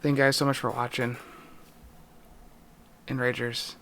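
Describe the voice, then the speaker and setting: A man's voice: mid-range voice, flat delivery, fairly bright tone, slight background noise. Distressed young man confiding on camera. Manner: halting, pausing, voice dropping. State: distressed, near tears. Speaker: YouTuber. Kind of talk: emotional vlog confession.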